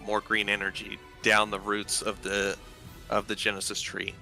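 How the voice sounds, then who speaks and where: A man's voice: on the low side, completely flat delivery, moderate pace, gravelly, sharp tone, faint music behind. A man narrating as game master of a tabletop game, loose and rambling with many fillers.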